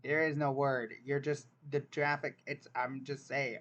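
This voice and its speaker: Reacting casually to an online dialect quiz, this young man jokes and sounds incredulous as he reasons out loud. He speaks unhurriedly in a level, mid-range voice that's a bit bright, though the audio is dull.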